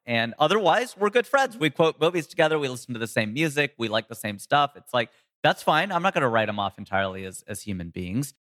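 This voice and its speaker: A comedian and voice actor in a casual interview, telling stories with sudden jumps in pitch for emphasis. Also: male voice, animated, a little fast, a bit bright, long reverb tail.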